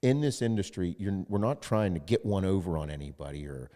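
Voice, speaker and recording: A man hosting a podcast in casual chat, animated and profane, acting out what other people say. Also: low voice, a little fast, long reverb tail. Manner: animated, profane, acts out quoted voices. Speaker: podcast host.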